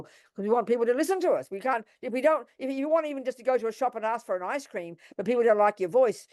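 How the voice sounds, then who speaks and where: A woman's voice: medium pitch, no echo, clean studio sound. An older woman teaching Buddhist practice on a video call, direct and emphatic, calling listeners sweetheart and darling. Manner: warm, direct, calls people sweetheart and darling.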